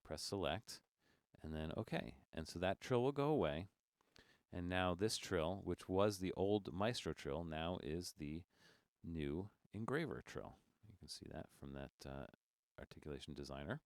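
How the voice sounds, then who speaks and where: A man teaching music notation software in a screen-recorded tutorial, talking through steps in a relaxed way with fillers and restarts. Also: low voice, normal speed, no echo, studio quality.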